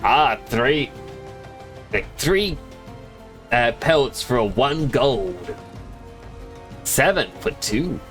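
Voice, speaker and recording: A man voicing a hunter role-player who haggles over pelts, in a halting way. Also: mid-range voice, expressive, a bit bright, faint music behind. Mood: haggling.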